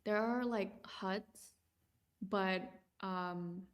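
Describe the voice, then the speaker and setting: A woman's voice: medium pitch, fairly even intonation, extremely slow. A woman hosting a podcast on a video call, chatting casually and hesitantly as she walks through her travel photos. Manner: hesitant, many fillers and restarts. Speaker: podcast host.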